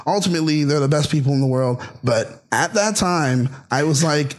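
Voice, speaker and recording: A man of Haitian background, co-hosting a dating podcast, tells a story in an animated, casual way, often laughing and tossing in quick asides. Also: fairly high pitch. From Haitian family.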